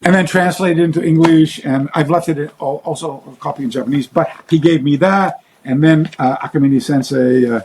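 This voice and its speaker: A man speaking as an interview guest in a casual chat, rambling and halting, with many fillers and restarts. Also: on the high side, steady tone, darkish tone, slight background noise, poor audio.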